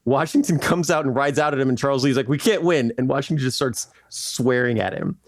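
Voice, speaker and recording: A man's voice: medium pitch, fast, dry recording, clean studio sound. A man hosting a podcast, telling history in a loose, rambling way, laughing often and tossing in "like" and "right?". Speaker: podcast host. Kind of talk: casual history storytelling.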